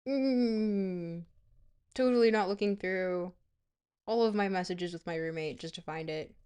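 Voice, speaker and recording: A woman's voice: medium pitch, measured pace, smooth. Rambling, playful young woman streamer. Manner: rambling and playful, with sudden excited squeals. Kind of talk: live-stream game commentary.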